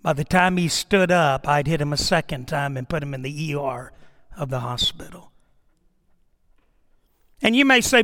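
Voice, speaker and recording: A man's voice: high voice, lively intonation, moderate pace, a bit bright, long reverb tail. A middle-aged man, a pastor telling a story in a sermon with emphatic, dramatic delivery.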